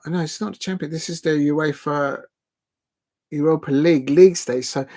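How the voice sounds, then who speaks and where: Gravelly-voiced man rambling through live football. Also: on the high side, normal speed. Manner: rambling and excitable, with frequent restarts and self-corrections; casual slang, chatty asides to viewers. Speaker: football watch-along streamer. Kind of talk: live football watch-along commentary.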